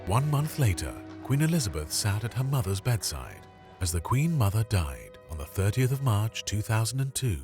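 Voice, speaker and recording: A man doing scripted documentary narration in a measured, expressive way. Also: lowish voice, over music.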